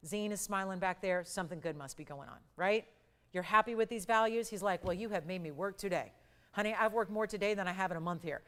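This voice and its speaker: A middle-aged woman hosting a live shopping show, pitching jewelry with urgent price countdowns and chatty asides. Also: a bit bright. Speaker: shopping channel host.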